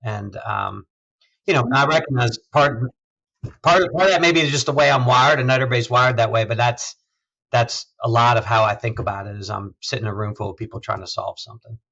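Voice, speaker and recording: A man's voice: medium pitch, vocal fry, sharp tone, lo-fi sound. A man, a health system CEO, speaking thoughtfully as an interview guest, often restarting his sentences. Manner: thoughtful, measured, halting restarts. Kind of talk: conversational interview.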